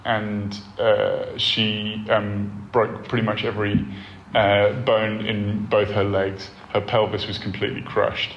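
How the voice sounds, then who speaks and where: A man's voice: on the low side, slow. Earnest man in a roomy hall. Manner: earnest and animated, with frequent ums and restarts. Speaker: church leader giving a course talk. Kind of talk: sermon-style talk with personal stories. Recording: roomy hall with faint background noise.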